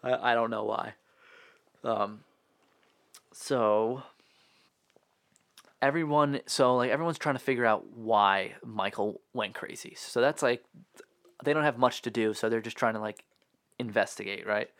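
A man's voice: medium pitch, a bit bright, no room sound, studio quality. A man co-hosting a podcast, casually recapping a movie scene by scene with lots of fillers. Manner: laid-back, filler-heavy retelling with quick impressions. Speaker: podcast co-host.

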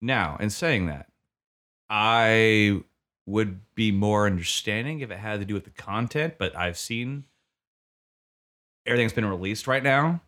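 A man's voice: on the low side, a little slow, pauses often, a bit bright. A man in casual chat, heated and swearing as he complains, laughing easily. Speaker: podcast co-host.

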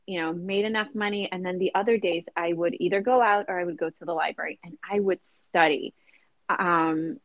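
A woman's voice: on the low side, no room sound, lo-fi sound. A woman in her thirties talking as an interview guest, chatty and casual, with lots of "like" and "you know" fillers.

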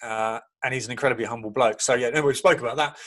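Male podcast guest, rapid anecdotal storyteller who acts out dialogue, mid-range voice. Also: mid-range voice. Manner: lively storyteller acting out quoted dialogue.

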